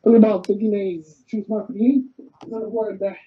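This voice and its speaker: A man's voice: high voice, little pitch movement, fast talker, dull audio. A man casually retelling a cartoon plot, rambling and restarting as he goes. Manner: rambling, stops and restarts while summarizing. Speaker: co-host recapping a cartoon.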